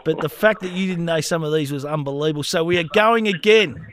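High-voiced man telling yarns. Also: quick pace, background noise. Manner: animated yarn-spinning, laughing at his own stories. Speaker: podcast host. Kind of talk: casual storytelling chat.

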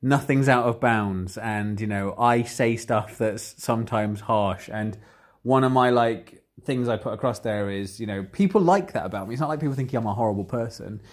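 A man talking candidly in a casual chat, rambling and getting animated as he retells conversations. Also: on the low side, moderate pace.

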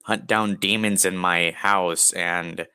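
A young man co-hosting a podcast, joking in a deadpan, absurd way during casual chat. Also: low-pitched, slow pace, smooth, no room sound. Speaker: podcast co-host.

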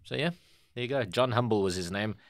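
A man's voice: fairly low pitch, a little fast, no room sound, clean studio sound. A South African man co-hosting a comedy trivia show, telling facts in a laid-back way with easy banter. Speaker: co-host.

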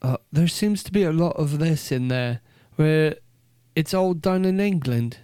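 A man with a smooth, resonant voice and a fairly high pitch for a man co-hosts a casual podcast. He chats loosely and jokes a lot, recorded dry and close to the mic. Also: lively intonation, unhurried, warm tone, no echo. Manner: jokey, slips into mock voices. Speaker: podcast co-host. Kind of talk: casual chat.

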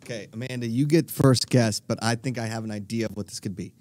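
A man co-hosts a comedy chat show, riffing in a playful, rambling way. His voice is middle-pitched and recorded dry and close. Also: fairly even intonation, fast talker, darkish tone, dry recording. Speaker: podcast co-host. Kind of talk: casual chat.

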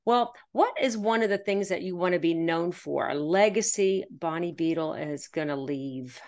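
Middle-aged woman host, lower voice, energetic and chatty, faith podcast interviewer. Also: moderate pace. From Pennsylvania. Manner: chatty, energetic, laughs often. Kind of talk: casual faith-based interview chat.

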